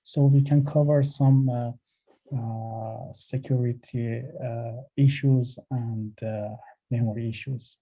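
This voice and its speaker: A man on a webinar panel answering a question haltingly, with many fillers and restarts. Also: mid-range voice, fairly even intonation, mellow, soft background music.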